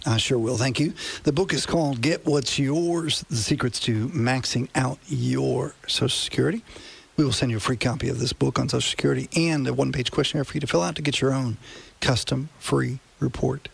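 A man's voice: mid-range voice, gravelly, husky. A man hosting a radio finance show, explaining things in a conversational way and checking that listeners follow. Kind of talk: casual radio talk.

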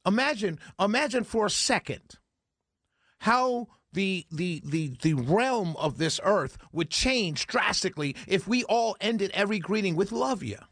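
A man's voice: sits high, animated, measured pace, a bit bright, no echo. A man hosting a talk radio show, preaching in a monologue full of rhetorical questions and repeated phrases. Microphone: studio microphone.

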